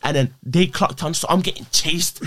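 A young man, a podcast guest, telling a story in casual chat, slangy and animated, swearing freely and checking that his listener is following. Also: fairly high pitch, normal speed. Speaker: podcast guest, prank creator.

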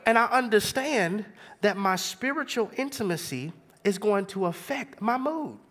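A young adult man preaching a sermon in an animated, conversational way, throwing rhetorical questions at the congregation. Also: high-pitched, a little slow.

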